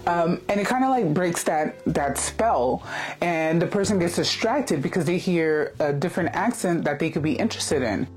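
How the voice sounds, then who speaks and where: Low-voiced woman giving casual commentary. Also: expressive, normal speed, darkish tone, faint music behind. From lives in the UK, not British-born. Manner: reflective, many "like" fillers. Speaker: commentator reacting to a video.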